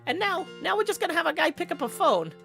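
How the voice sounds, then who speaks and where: Woman, stream host, casual joking chat, swooping lively voice, some vocal fry. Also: very high-pitched, fast, soft background music. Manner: joking, reads out viewer tips.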